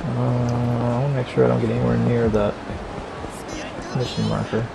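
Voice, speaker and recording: A man's voice: medium pitch, little pitch movement, brisk, vocal fry. A man giving laid-back, casual commentary while playing a game, with game music behind. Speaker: let's-play host.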